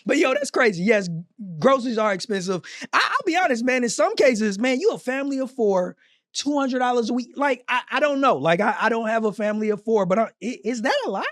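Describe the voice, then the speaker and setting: A man's voice: extremely high pitch, lively intonation, a little fast, a bit bright, no echo, clean studio sound. A man giving casual, slangy reaction commentary on clips, laughing often as he talks.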